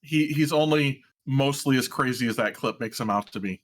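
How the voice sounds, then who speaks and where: A man's voice: mid-range voice, moderate pace, a little hiss or hum. A man co-hosting a streamed variety show, joking dryly in casual chat.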